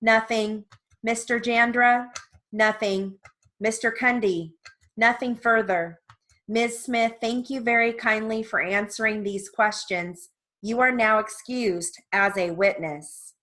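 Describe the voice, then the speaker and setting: A woman's voice: fairly high pitch, slow, a bit bright. A woman reading a court transcript aloud as dictation practice, voicing every part evenly in her own voice with brief casual asides.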